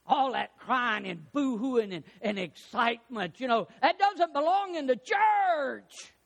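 A pastor preaching a sermon, fervent and rising to shouts, putting questions to the congregation. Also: male voice, very high voice, expressive, a little slow, vocal fry.

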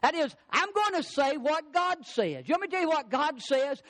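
Older male pastor, very high voice, emphatic preaching cadence. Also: very animated, normal speed, hardly any pauses, fairly bright tone. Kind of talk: sermon.

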